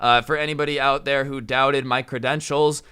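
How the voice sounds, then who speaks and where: A man's voice: mid-range voice, little pitch movement, moderate pace, pushed and bright, smooth. A young man, a YouTuber, casually telling a story with many fillers and an amused tone. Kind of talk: storytime vlog.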